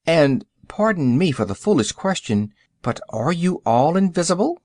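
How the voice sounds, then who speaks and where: A man voicing a kindly, courteous old male wizard in a polite, measured way. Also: fairly high pitch, very animated, a little mellow, no echo, clean studio sound, pitched above the performer's own voice.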